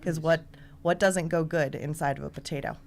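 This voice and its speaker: A woman's voice: deep voice, steady tone, brisk, vocal fry, a little mellow. A woman on a radio show as a restaurant guest, talking about the menu in an upbeat, promotional way. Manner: upbeat, promotional, frequent light laughs. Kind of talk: casual radio chat.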